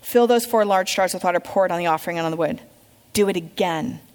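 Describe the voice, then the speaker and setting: A woman's voice: lowish voice, quick pace, a little mellow, voice pushed down, lightly acted. A woman reading as a stern, zealous old prophet. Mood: commanding. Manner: commanding, taunting. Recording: long hall reverb.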